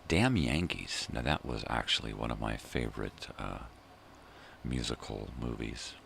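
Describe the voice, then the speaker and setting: Very deep gravelly older man. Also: fairly bright tone, a little hiss or hum. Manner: profane, ranting, drawn-out fillers. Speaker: vlog host. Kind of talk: rambling morning monologue.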